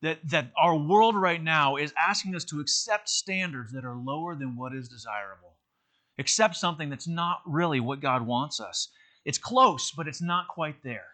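A man's voice: on the high side, moderate pace, sharp tone. A man teaching an interactive church lesson in a conversational way, with many fillers and restarts.

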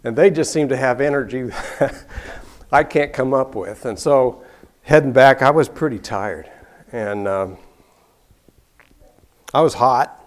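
A man's voice: medium pitch, slow pace, pauses often. An older man telling a personal story in an easygoing way, chuckling often and restarting his sentences.

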